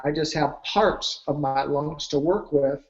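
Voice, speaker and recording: A man's voice: a little high, unhurried, lo-fi sound, voice pushed down. A man voicing an earnest, reluctant fireman with damaged lungs in his own everyday voice while telling a story.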